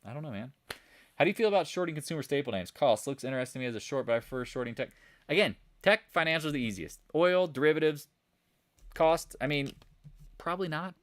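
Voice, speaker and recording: Animated male trading livestream host. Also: on the high side, fast. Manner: animated, excitable, talks straight to viewers. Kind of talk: live market chat answering viewer questions.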